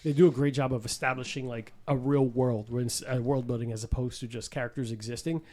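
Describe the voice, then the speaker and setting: A man hosting a casual podcast chat, retelling film and show scenes with lots of swearing and quick impressions. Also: medium pitch. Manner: animated storyteller, swearing, acting out film scenes. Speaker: podcast host.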